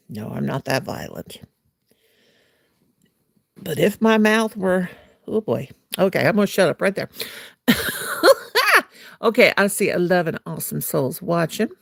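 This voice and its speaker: A woman's voice: lowish voice, very animated, measured pace, vocal fry, long pauses, darkish tone, no room sound, studio quality. A woman hosting a crochet livestream from home, chatting playfully and slipping into sing-song as she works. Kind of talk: casual livestream chat while crocheting.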